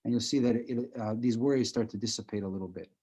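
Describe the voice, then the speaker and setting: A man's voice: medium pitch, fast. A man leading a live online breathing class, talking conversationally and often checking in with "right?". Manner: conversational, repeats "right?" often, chuckles while explaining. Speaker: breathing instructor. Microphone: video call.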